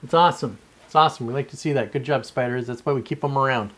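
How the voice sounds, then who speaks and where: Man, livestream host, rambling casual chat, middle pitch, talks to viewers in chat. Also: fast, a bit bright. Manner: sips coffee between remarks.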